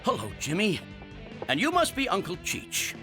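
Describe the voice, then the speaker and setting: Cartoon inventor, rich and boastful, mid-pitched, wildly swooping delivery. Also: male voice, wildly swooping pitch, normal speed, music in the background. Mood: smug. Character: wealthy eccentric male inventor, smug and giddy. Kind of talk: adult cartoon voice acting.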